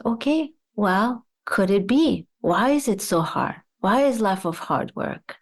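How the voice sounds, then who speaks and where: A woman's voice: mid-range voice, darkish tone. A woman psychologist, a guest on an interview show, explaining her ideas through worked examples and rhetorical questions.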